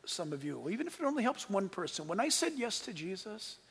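A man in his sixties preaching a sermon and telling his story earnestly, his voice swinging from hushed to emphatic. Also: sits high, very animated, brisk, slightly rough, long reverb tail. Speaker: pastor.

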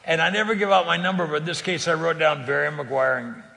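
Earnest older man with a gravelly voice. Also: fairly high pitch, fairly even intonation, brisk, pushed and bright, long reverb tail. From California. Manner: earnest storyteller, repeats words, laughs easily. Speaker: guest speaker on faith sharing. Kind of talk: conversational testimony.

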